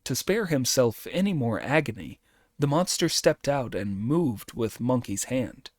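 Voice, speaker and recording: Expressive, unhurried male audiobook narrator. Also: medium pitch, no echo, studio quality. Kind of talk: audiobook reading.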